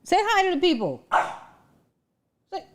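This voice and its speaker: A woman's voice: very high voice, huge pitch swings, measured pace. A woman hosting a casual livestream from home, chatting with viewers and talking to her dog. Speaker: livestream host.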